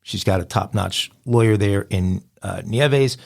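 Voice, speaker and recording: A man's voice: fairly low pitch, measured pace, gravelly, a little mellow. A man hosting a crime news podcast, reading headlines in a conversational, wry way. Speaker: host.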